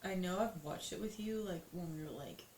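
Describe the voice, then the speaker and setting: A woman's voice: fairly low pitch, a little fast, a little mellow. Woman in her 30s chatting easy, laughs along, echoey room with a little hiss. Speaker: co-host. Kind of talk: casual chat.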